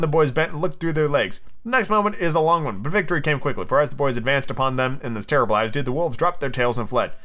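A man hosting a casual podcast, reading a children's novel aloud and chatting excitedly about it. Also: mid-range voice. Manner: animated, chatty, reacting loudly to the story. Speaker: podcast host.

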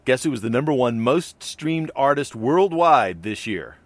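A man's voice: mid-range voice, lively intonation, measured pace, no room sound. A middle-aged man co-hosting a podcast, chatting casually and rambling with many fillers and restarts. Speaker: podcast co-host. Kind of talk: casual chat.

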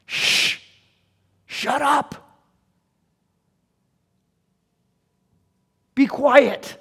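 A man's voice: very high voice, very slow, creaky, fairly bright tone, voice pushed up, heavily acted. A man doing a bossy scolding crowd. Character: irritated crowd shushing beggars, adults. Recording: echoey hall.

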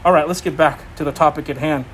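A man preaching an informal sermon, animated and emphatic, repeating phrases and laughing often. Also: on the high side, fast, slight background noise. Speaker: preacher teaching a Bible study.

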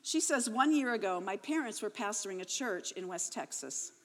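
A woman in her fifties with a mid-range, slightly bright voice gives an emotional testimony at a moderate, animated pace, with a long reverb tail. She reads her daughter's account and then tells her own, her voice rising and breaking.

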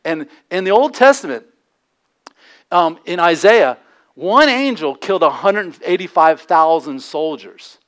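A male pastor delivers a sermon in a church with a voice that sits a little high. He preaches conversationally, talking to the congregation plainly and slipping into the voices of the people in his story. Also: lively intonation, unhurried, a bit bright.

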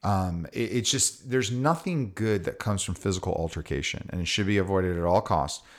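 A man's voice: deep voice, normal speed. A man in casual conversation, speaking in an earnest, reflective way. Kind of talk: casual chat.

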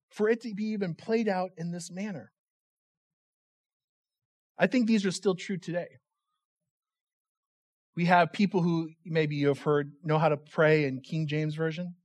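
Pastor guy, highish voice, chatty joking sermon, stumbles and repeats words. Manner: casual, humorous, repeats words as he restarts. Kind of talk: conversational sermon.

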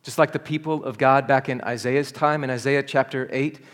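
A man's voice: mid-range voice, steady tone, normal speed, fairly bright tone. A man preaching a sermon at a church service, earnest and building to urgent appeals. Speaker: pastor.

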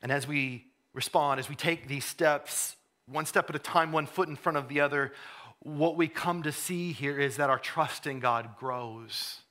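A man preaching a sermon, conversational, repeating words as he goes, then rising to fervent emphasis and dropping to a hush. He says he has a cold. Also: on the high side, a little slow. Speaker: pastor.

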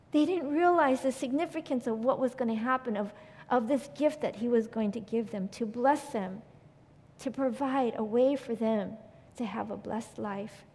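A woman preaching a sermon, earnest and storytelling, growing quieter when she quotes scripture. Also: fairly high pitch, big-room sound.

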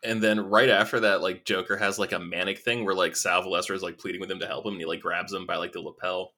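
A man hosting a casual film podcast, animated and swearing freely as he acts out quoted lines. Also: low voice, fast. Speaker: podcast host. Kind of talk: casual chat.

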